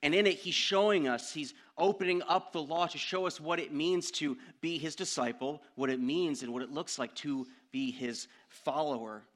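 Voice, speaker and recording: A young man preaches a sermon with a bright, forceful voice that sits a little high. He tells a personal story with animation and swells into loud outbursts. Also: normal speed, hardly any pauses.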